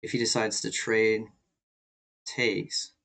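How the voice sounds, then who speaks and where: A man's voice: lowish voice, little pitch movement, slow pace, creaky, fairly bright tone. A man streaming an online chess game, thinking aloud in an anxious, self-deprecating way. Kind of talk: live commentary while playing online chess.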